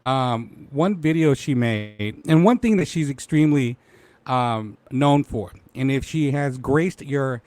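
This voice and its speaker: A man's voice: medium pitch, dry recording. Playful man hosting a live talk show. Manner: playful, laughing, shouting out viewers. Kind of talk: casual live-stream chat.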